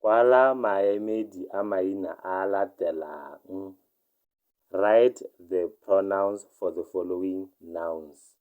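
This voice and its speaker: Slow, deep-voiced male language teacher. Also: phone-quality sound. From Botswana. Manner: says each example sentence twice, then translates it. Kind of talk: online language lesson.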